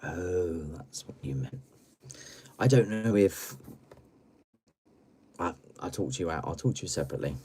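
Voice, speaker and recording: A man hosting a late-night live stream from home, chatting in a rambling, giggly, playful way, swinging between loud bursts and mumbles. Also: deep voice, expressive, normal speed, pauses often, slightly rough. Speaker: livestream host.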